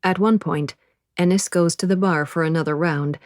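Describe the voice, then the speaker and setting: A woman narrating an audiobook in the first person, measured and quiet. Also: on the low side, fairly even intonation, no echo, clean studio sound.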